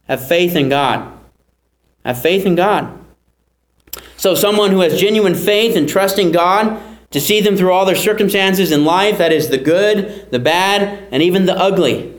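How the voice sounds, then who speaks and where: A man delivers a sermon in a fairly high voice, teaching earnestly and repeating key phrases for emphasis. His voice rings through a roomy, echoing space. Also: normal speed. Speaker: pastor.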